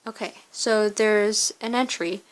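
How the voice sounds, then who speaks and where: A woman reading an interactive story game aloud in a steady second-person narration, with casual asides about the game screens. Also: mid-range voice, slow pace.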